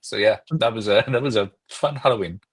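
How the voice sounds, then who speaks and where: Casting: young man, low voice, halting and self-repeating podcast guest. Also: husky, no room sound. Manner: halting, repeats words, laughs often. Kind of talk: casual chat.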